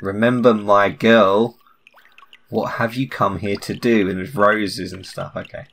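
A man's voice: fairly low pitch, steady tone, moderate pace, vocal fry, a bit bright, slight background noise. A young man doing let's play commentary on a game, asking puzzled running questions and reading the characters' lines aloud. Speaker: gaming YouTuber.

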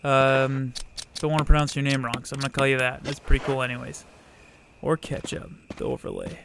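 A young man streaming a game, chatting casually with viewers, swearing freely and shouting at the game. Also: medium pitch, fairly even intonation, normal speed, creaky, a little hiss or hum. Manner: profane, chatty, outbursts at the game, greets viewers. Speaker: let's play streamer. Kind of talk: casual live-stream gaming commentary.

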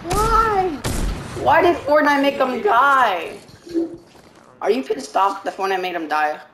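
A woman in casual gaming chat with a lively, scolding way of talking. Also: a little high, measured pace, echoey room, a little hiss or hum. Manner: animated, scolding. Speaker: vlogger.

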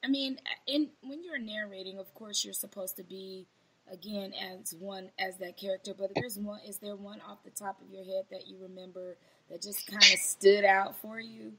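A woman's voice: mid-range voice, fairly even intonation, normal speed, fairly bright tone, rough recording. A woman hosting an interview, asking long, rambling questions with enthusiasm. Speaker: interview host. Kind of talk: casual interview.

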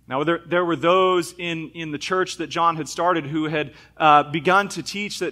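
A man's voice: fairly high pitch, a little slow, pushed and bright. A man in his thirties preaching a sermon in a church, reading scripture and telling stories from his childhood in a conversational, self-deprecating way. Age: 30s. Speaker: pastor. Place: church sanctuary.

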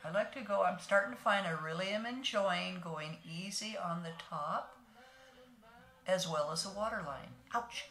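A woman's voice: lowish voice, moderate pace, fairly bright tone, echoey room. A woman in her sixties, chatting casually with viewers as she does her makeup and narrates each step in a homey way. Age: 60s. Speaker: beauty vlogger.

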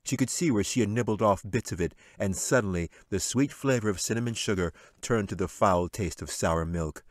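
A man, the author, narrating his fantasy novel in a measured, expressive way. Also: on the low side, dry recording, clean studio sound. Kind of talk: audiobook narration.

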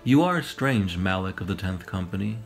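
A proud, aloof alien warrior woman who speaks in calm, cryptic phrases, read by a man. Her voice is low and gravelly, and faint music plays underneath. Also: normal speed. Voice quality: high yet harmonious.

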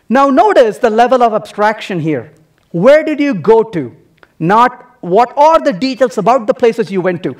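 A man's voice: very high-pitched, sing-song, moderate pace. A man giving a humorous technical talk to a live audience at a conference, playful and teasing, full of rhetorical questions. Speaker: conference speaker. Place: conference hall.

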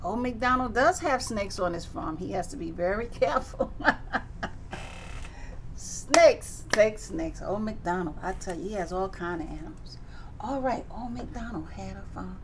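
A woman's voice: mid-range voice, animated, normal speed, noisy background. A woman teaching circle time to young children, singing nursery songs and reading a picture book with playful animal sounds. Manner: playful, sing-song, animal sounds and big exclamations.

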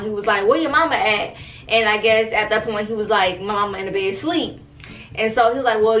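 A young woman, telling a story to her viewers in an animated, profane, casual way. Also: a little high, reverberant, rough recording. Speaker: storytime vlogger.

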